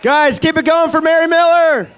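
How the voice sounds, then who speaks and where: A man's voice: very high voice, normal speed, a bit bright, slight background noise. A man emceeing a comedy show, hyping the crowd and introducing comics, heard from a distance. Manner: hypes the crowd.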